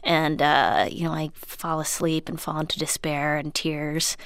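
A woman comedian and voice actor from Minnesota, chatting in an interview, self-deprecating and full of fillers, with a high, childlike voice. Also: level tone, measured pace, a bit bright, clear, resonant tone, dry recording. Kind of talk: casual interview chat.

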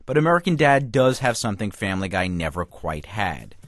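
A man's voice: fairly low pitch, sing-song, brisk, faint music behind. A male TV critic delivering a scripted radio review with a wry, emphatic manner.

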